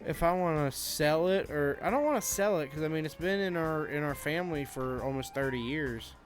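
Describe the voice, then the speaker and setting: A young man from Florida co-hosts a podcast, chatting casually in a crude, joking way and laughing often. His voice is on the high side and fairly quick, with faint music behind him.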